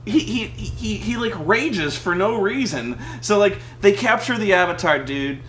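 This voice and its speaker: Young guy, high voice, sweary mocking movie rant, faint hum behind. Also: lively intonation, moderate pace, a bit bright. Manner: profane, mocking, acts out scenes in silly voices. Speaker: vlog co-host. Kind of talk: animated casual movie rant.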